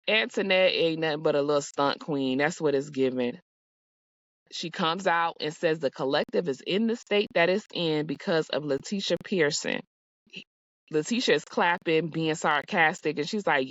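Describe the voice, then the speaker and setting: A woman's voice: low voice, normal speed, no echo, lo-fi sound. A woman hosting a casual reality TV recap, chatty and sassy, with playful asides to her viewers.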